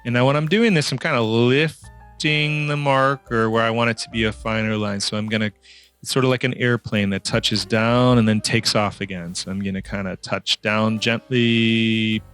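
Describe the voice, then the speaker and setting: A man's voice: fairly low pitch, steady tone, moderate pace, a bit bright, soft background music. A man narrating a casual drawing tutorial in a chatty, playful way, quizzing the viewer as he works. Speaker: drawing instructor.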